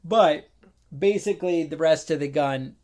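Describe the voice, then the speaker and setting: A man's voice: fairly high pitch, unhurried, darkish tone. A man co-hosting a podcast in casual chat, telling a long story with exasperated asides and acted-out phone calls. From New York. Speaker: podcast co-host.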